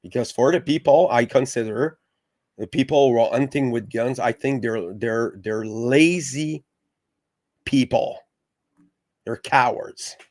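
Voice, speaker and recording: Slow, profane, heated man. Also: mid-range voice, darkish tone, no room sound, clean studio sound. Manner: profane, passionate, halting with restarts. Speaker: podcast host. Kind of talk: heated casual discussion.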